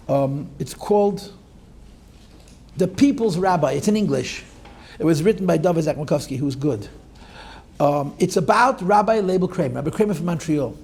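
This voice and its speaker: Older guy teaching a class, rambling stories, dry little jokes, pretty high voice, kinda gravelly. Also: darkish tone. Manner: digressive, with wry asides.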